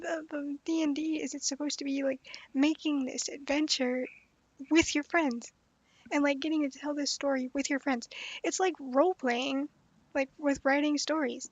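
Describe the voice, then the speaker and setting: A young woman giving casual livestream commentary on a story game, animated and blunt, swearing and laughing often. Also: sits high, moderate pace, no echo. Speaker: streamer playing a story game. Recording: dull, dry lo-fi sound.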